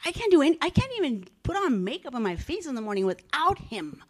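An older woman preaches with raw feeling, repeating her phrases and sinking into hushed whispers before rising again. Her voice sits a little high. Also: very animated, fast talker. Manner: earnest, repetitive, drops to whispers. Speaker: church speaker. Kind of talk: emotional sermon.

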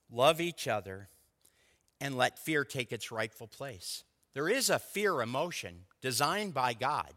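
A male pastor delivers his sermon in a bright, animated voice that moves a lot in pitch. He speaks slowly, with deliberate emphasis, and his words ring out with a long hall reverb around them. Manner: animated preaching with slow emphatic stresses. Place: church sanctuary.

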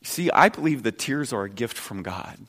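A man in his fifties preaching a sermon earnestly, dropping soft and low, then rising loud and emphatic. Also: animated, normal speed, in a large hall. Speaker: pastor.

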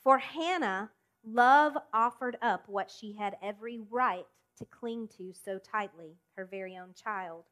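A woman preaching a sermon, speaking emphatically with deliberate pauses and direct questions to the congregation. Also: mid-range voice, fairly bright tone. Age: adult.

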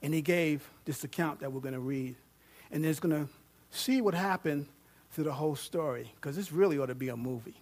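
A man preaching a sermon, reading scripture aloud with growing excitement, joking with and questioning his congregation. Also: a little high, a little fast. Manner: animated, rising to loud fervent reading; jokes with the congregation and asks them questions.

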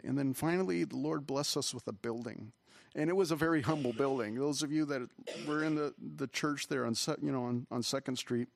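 Male pastor, mid-pitched, earnest and rambling, close and dry sound. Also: vocal fry, no echo. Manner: rambling, earnest, with many restarts and fillers. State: emotional, voice catching. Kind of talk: conversational sermon. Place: church hall.

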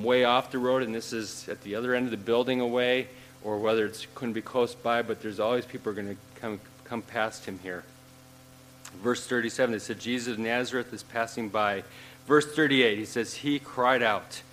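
A man's voice: mid-range voice, fairly bright tone, slight background noise, poor audio. A man preaching a sermon in a conversational way, using many fillers and repeating phrases. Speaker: pastor.

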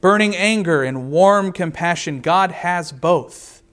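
A man preaching a sermon, reading scripture aloud and explaining it verse by verse, earnest and slowing down to stress key words. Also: high-pitched, a bit bright. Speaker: pastor.

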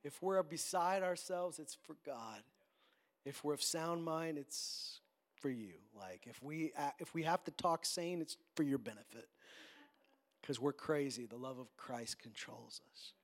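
A male pastor preaching a sermon, swinging between loud, ringing declarations and low, soft pleading. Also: measured pace. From Canada.

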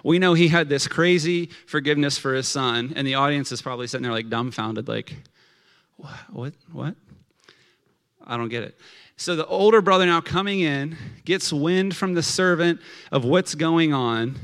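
A man's voice: fairly high pitch, normal speed, fairly bright tone, clean tone. A man preaching a casual sermon in a conversational way, peppered with the filler like. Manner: conversational, many fillers of like, acts out quotes.

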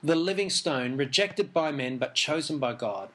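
A man giving a relaxed Bible teaching, reading passages aloud and commenting in an easygoing, chuckling way. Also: fairly high pitch, normal speed. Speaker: Christian teacher.

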